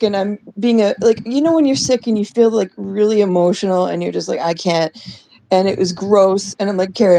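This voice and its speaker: A young adult Canadian woman co-hosts a podcast, telling a story in casual chat while acting out the voices she quotes and swearing freely. Her voice is mid-range with a dark tone, and the recording is low quality.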